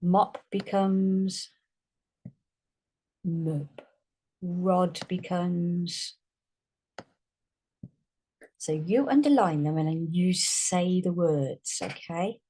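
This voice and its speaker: A woman teaches a phonics lesson at a very unhurried pace. She draws out each vowel as she sounds words out. Her voice sits fairly low. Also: warm tone, husky. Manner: slow, drawn-out sounding out of words.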